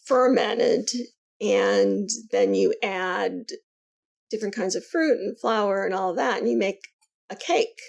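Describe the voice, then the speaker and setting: A woman's voice: mid-range voice, takes it slowly, creaky. A middle-aged woman co-hosting a casual podcast, chatty and rambling. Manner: chatty, rambling, laughs easily. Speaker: co-host.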